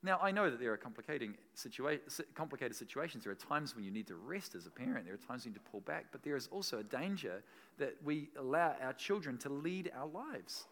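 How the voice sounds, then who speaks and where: Animated male pastor preaching. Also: medium pitch, quick pace. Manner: animated, swings from soft to loud, laughs between points. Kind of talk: sermon.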